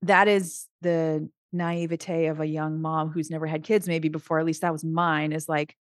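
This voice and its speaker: A middle-aged woman who works as a Christian life coach, speaking in a casual podcast conversation. She is earnest and animated, often restarting her sentences. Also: sits low, normal speed, no echo, clean studio sound.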